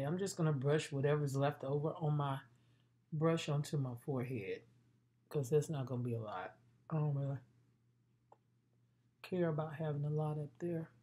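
A woman's voice: low voice, darkish tone, breathy edge. A woman vlogging her makeup routine in a playful, chatty way, talking straight to her viewers. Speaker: beauty vlogger. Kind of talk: casual makeup tutorial chat.

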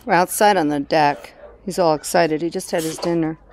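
Outdoors on a deck in icy weather, a woman films her dog for a casual home video, talking to it fondly and making asides to the camera. Her low voice has a darkish tone, fairly even intonation, and a moderate pace, with a little hiss or hum in the recording.

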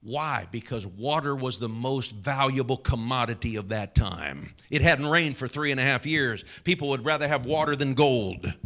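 A man's voice: medium pitch, expressive, moderate pace, few pauses, fairly bright tone. A male pastor preaching a fervent sermon in church, calling out hallelujahs and laughing between points.

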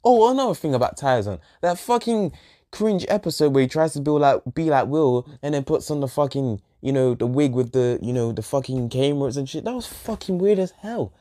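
A man delivers a profane, exasperated rant reviewing a show, circling back to the same complaints. His voice is mellow and warm at an everyday middle pitch. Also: expressive, a little fast. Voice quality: exasperated, sweary, repetitive.

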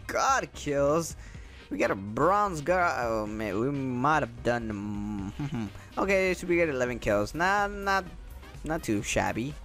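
A young man hosting his own gaming channel, giving excitable, casual commentary over his gameplay, often repeating his exclamations. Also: fairly high pitch, takes it slowly, soft background music.

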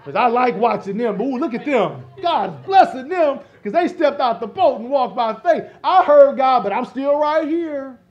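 Male pastor, high voice, lively sermon swinging from shouts to whispers, playful acted-out asides; slightly muffled church recording. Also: normal speed, hardly any pauses. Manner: swings from loud exclamations to soft near-whispers; playful, acts out imagined voices. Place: church sanctuary.

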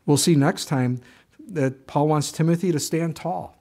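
A man's voice: on the high side, unhurried, a little mellow. An older man preaching a sermon in a conversational way, with frequent asides and restarts. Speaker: pastor.

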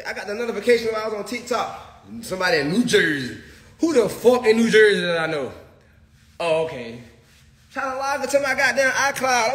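A man's voice: sits high, sing-song, fairly quick, fairly bright tone. A man ranting on a casual livestream, profane and emphatic, tacking "bro" onto nearly every sentence.

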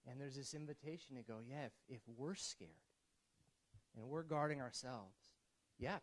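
A male pastor delivering a sermon in a church, with a voice of ordinary middle pitch. He talks in a loose, conversational way, restarting his sentences often. He drops to quiet asides and then rises to emphatic points. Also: rough recording.

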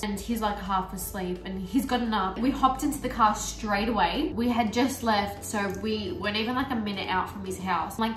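A woman's voice: mid-range voice, a little fast, hardly any pauses. Young Aussie woman, beauty vlogger, chatty and filler-heavy, roomy echo with faint music behind. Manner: chatty, full of "like" fillers, lively storytelling. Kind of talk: casual get-ready-with-me chat. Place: small bedroom filming setup. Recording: roomy echo, mic at a distance, soft music.

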